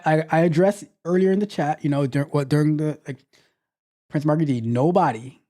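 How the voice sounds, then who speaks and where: This male tech livestream host has a slightly high, slightly mellow voice. He keeps things loose and chatty, reading viewer comments out and teasing them in fun, and he repeats phrases a lot.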